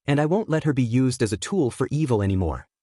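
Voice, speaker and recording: A man's voice: medium pitch, animated, fast, warm tone, dry recording, studio quality, close to an everyday voice. A man voicing an earnest teenage boy hero who blames himself, in a raised, emotional delivery.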